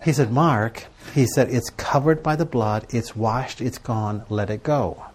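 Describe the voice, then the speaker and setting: A man's voice: medium pitch, unhurried. A middle-aged man giving a sermon to a live audience, telling stories and asking rhetorical questions in a conversational way. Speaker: preacher teaching on prayer and journaling.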